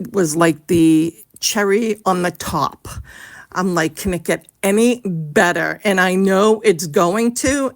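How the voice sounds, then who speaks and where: A middle-aged woman leaving a chatty voice message for a podcast. She gushes, swears casually and fills her pauses with lots of ums. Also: fairly low pitch, gravelly. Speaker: listener sending in a voice message.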